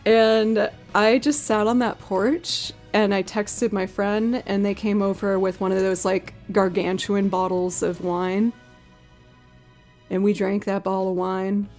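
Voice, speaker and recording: A woman in casual livestream chat, telling a story and slipping into the voices of the people in it with big leaps up in pitch. Her voice sits in a middle register, and faint music plays behind her. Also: slow pace. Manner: animated storyteller who acts out quotes with big pitch jumps. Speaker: streaming musician.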